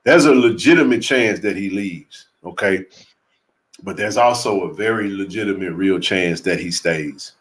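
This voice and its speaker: A low-voiced man hosts a casual live sports chat at a normal pace, podcast style. He's animated, often repeats himself, and laughs a lot.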